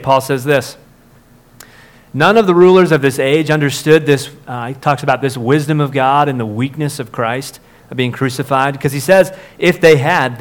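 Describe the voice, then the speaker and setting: Guy pastor preaching, chatty sermon, mid pitch, uh's and restarts, punches up the big points. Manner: conversational preaching with filler words and restarts, rising emphasis on key points.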